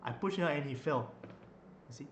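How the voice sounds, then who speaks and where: A man's voice: on the high side, a little fast, a bit bright. A young man, telling a story in a rambling casual way with many fillers and restarts. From Malaysia. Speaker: vlogger. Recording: echoey room, faint noise.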